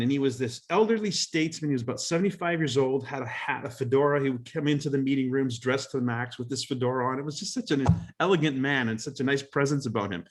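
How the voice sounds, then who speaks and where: Man, team leader on a video call, heartfelt storyteller, medium pitch. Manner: earnest, emotional storyteller with many restarts.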